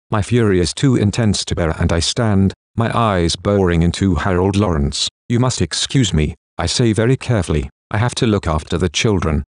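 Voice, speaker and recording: A man reading a first-person novel as an audiobook narrator, in a measured, even way. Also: low voice, no echo, studio quality.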